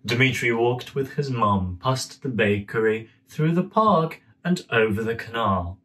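A young man in a gentle, friendly manner, reading a children's story aloud at home. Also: medium pitch, lively intonation, unhurried. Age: young adult. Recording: voice a bit far from mic.

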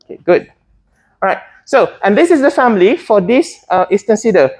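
Woman teacher, husky voice, halting delivery, questions to the class. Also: mid-range voice, big pitch swings, darkish tone. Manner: hesitant, many fillers and restarts, asks students questions. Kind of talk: classroom botany lesson.

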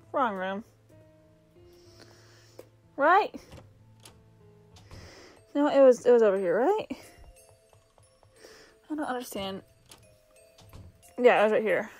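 High-voiced self-mocking young woman gamer. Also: animated, slow pace, long pauses, a little mellow, dry recording. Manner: self-deprecating, exasperated muttering. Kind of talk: let's play commentary reading game text aloud. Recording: faint game music behind.

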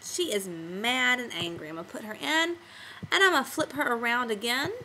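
Woman teacher doing a kids screen tutorial, bright clear voice, slow patient steps. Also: a little high, a little hiss or hum, low-quality recording. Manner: patient, step-by-step classroom explaining.

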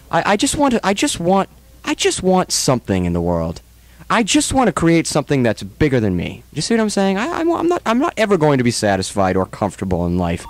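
A man hosting a radio talk show, rambling in a theatrical, mock-serious way that swings between loud and low. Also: huge pitch swings, fairly quick, dry recording. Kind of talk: rambling comedic radio banter.

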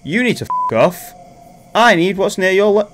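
Excitable man doing jokey horror gameplay commentary, lively pitch. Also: normal speed, slight background noise. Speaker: gaming commentator. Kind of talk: comedic horror game commentary.

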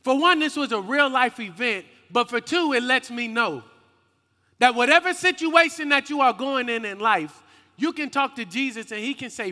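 A young man preaching a slangy, call-and-response youth sermon, rising into shouts. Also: very high-pitched, moderate pace. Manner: lively and slangy, calls out to the crowd and rises to shouts. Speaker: youth minister. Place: hall with a youth group. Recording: echoey hall with long reverb.

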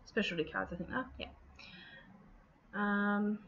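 A woman talking casually through her scrapbooking process, relaxed and chatty, with plenty of ums and thoughts that trail off. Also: medium pitch, a little slow, gravelly. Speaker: scrapbooking video host. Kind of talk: casual craft process narration. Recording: dull lo-fi with faint noise.

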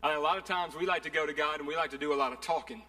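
A man's voice: fairly high pitch, racing, pushed and bright. A man preaching a sermon, earnest and conversational, often repeating phrases. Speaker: pastor. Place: church sanctuary. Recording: long hall reverb.

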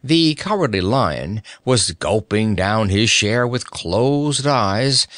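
A man narrating a children's story in an expressive, deliberate reading. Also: lowish voice, no echo, studio quality. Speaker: audiobook narrator.

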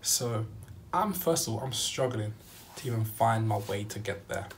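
A young man vlogging a travel story, animated and acting out what he said at the time. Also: on the low side, moderate pace, a little hiss or hum. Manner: animated storytelling, acting out his own quotes. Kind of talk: storytime vlog.

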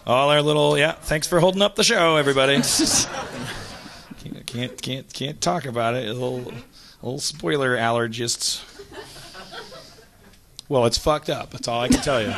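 A man's voice: mid-range voice, background noise. A man hosting a live comedy podcast on stage, riffing in a rambling, stammering storytelling way. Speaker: podcast host. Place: stage in front of a live audience. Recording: live audience laughter.

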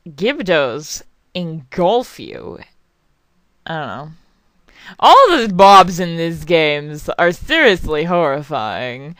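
A young woman chats her way through a game, rambling, swearing and apologizing. Her voice is smooth and clear, and her pitch leaps around a lot. The sound is close and dry. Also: fairly bright tone, no echo. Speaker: gaming channel host. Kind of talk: casual let's play commentary.

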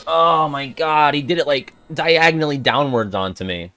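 A young man giving profane, jokey, excitable commentary as he plays a video game. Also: mid-range voice, fast, hardly any pauses, faint music behind. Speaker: gamer and video host. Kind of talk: let's-play game commentary.

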